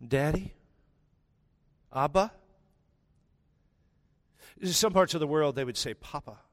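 A male pastor preaching a sermon with emphatic delivery, dramatic pauses and quiet, intense stretches. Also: fairly high pitch, animated.

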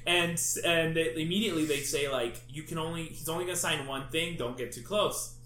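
A man's voice: fairly high pitch, a little fast, roomy sound, slight background noise. A young man telling a story in casual chat as a podcast co-host, acting out the quotes with animation. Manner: animated, acts out quotes loudly.

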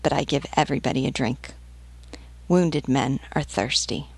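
A woman's voice: extremely low pitch, moderate pace, gravelly, slightly rough, no room sound, exaggerated voice. A woman voicing a talkative, outspoken woman who serves drinks to soldiers. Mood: chatty. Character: chatty, bold woman canteen-keeper with soldiers.

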